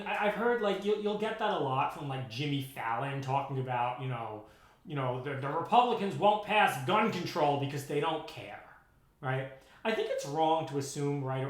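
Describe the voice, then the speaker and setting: A man's voice: a little high, roomy sound. A man in his thirties live-streaming his programming work, talking bluntly and with exasperation, often restarting his sentences. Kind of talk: casual live-stream talk.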